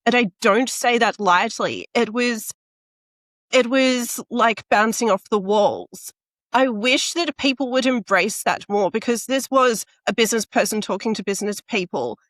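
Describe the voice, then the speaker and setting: Woman host, higher-pitched, chatty; close dry mic. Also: a little slow, a bit bright, no echo. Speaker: podcast host. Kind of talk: podcast interview. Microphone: close podcast microphone.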